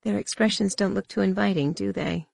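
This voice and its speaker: A narrator playing a wary woman warrior who talks briskly with a touch of sarcasm. The voice is pitched a little above the reader's own and is recorded dry. It belongs to a storybook reading. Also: fairly even intonation, vocal fry, darkish tone, no room sound. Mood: wry. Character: Mara, wary female warrior.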